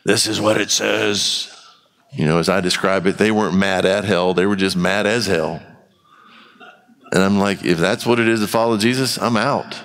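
A man's voice: low-pitched, fairly even intonation, normal speed. Man preaching in a reverberant hall. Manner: conversational preaching with acted-out quotes and rising intensity. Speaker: pastor. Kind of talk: sermon. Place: church.

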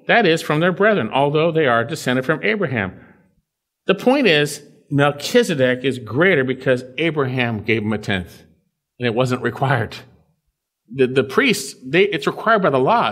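A man's voice: on the high side, expressive, normal speed, a bit bright. A man preaching a verse-by-verse Bible sermon in a conversational way, repeating phrases and checking in with his listeners.

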